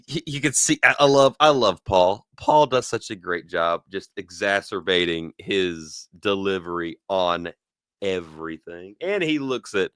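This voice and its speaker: A man hosts a casual wrestling review, telling each segment as an animated story and doubling back on his words. His voice is bright and smooth. The sound is dry and close. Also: low-pitched, a little slow, no echo. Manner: animated storyteller who acts out quotes, laughs often; repeats words and restarts mid-sentence.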